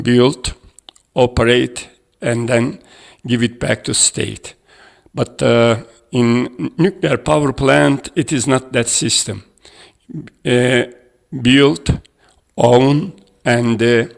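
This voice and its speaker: A man giving an academic conference presentation, halting and hesitant as he reads out figures from his slides. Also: medium pitch, vocal fry. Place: conference room.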